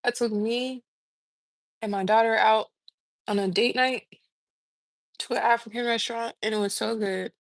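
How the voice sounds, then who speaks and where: A woman's voice: on the high side, fairly even intonation, moderate pace, pauses often, no echo. A young adult woman hosting a casual morning live stream from her kitchen, chatty and laughing as she tells stories while eating. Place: home kitchen. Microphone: phone mic.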